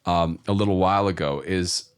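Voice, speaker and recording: A man hosting a podcast, gently prompting his guest and affirming what he says. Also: low voice, a little fast, clean tone. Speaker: podcast host. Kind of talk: casual interview chat.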